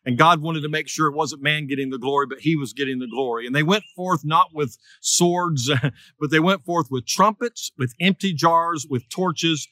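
Man, preacher, sermon storytelling, bright tense tone, dry close sound. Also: normal speed, dry recording. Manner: storytelling, acts out quoted voices with raised pitch.

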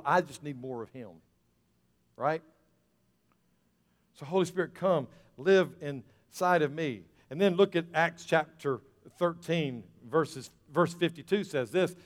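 A man's voice: a little high, moderate pace. A man preaching a sermon as pastor, folksy and rising to fervent emphasis. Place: church sanctuary. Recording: reverberant church hall, soft music.

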